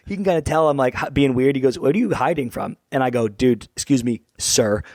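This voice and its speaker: A young man co-hosting a hockey podcast who tells a long story in a rambling, animated way, swears freely and acts out what people said. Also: mid-range voice, fast talker, no echo. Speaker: podcast co-host. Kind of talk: casual storytelling chat.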